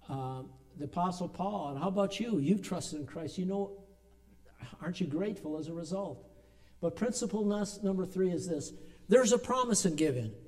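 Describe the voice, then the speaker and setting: A middle-aged man preaching a sermon, building to emphatic peaks and dropping into quiet, personal asides. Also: high voice. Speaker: pastor.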